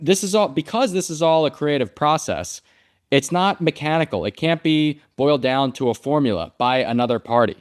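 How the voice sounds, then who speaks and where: A man's voice: fairly high pitch, normal speed, dry recording, studio quality. A man guesting on a podcast, making a thoughtful argument in casual conversation. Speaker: guest author.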